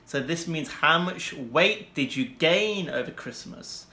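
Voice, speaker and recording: Young man, English teacher, bright voice, slightly high, slow careful examples, echoey room. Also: animated, gravelly. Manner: slow, deliberate example sentences with bursts of quick asides. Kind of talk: explaining vocabulary to learners.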